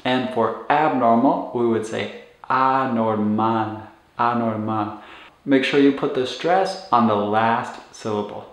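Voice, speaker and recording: A man's voice: mid-range voice, unhurried. A man teaching medical vocabulary, patiently explaining and repeating words so learners can follow their pronunciation. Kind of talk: instructional explanation. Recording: roomy echo.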